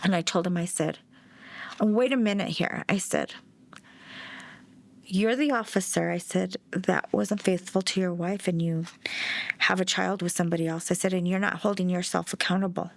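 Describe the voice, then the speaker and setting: A woman's voice: on the low side, steady tone, normal speed, creaky. A middle-aged woman telling her story as a bereaved mother in a documentary interview, blunt and outspoken.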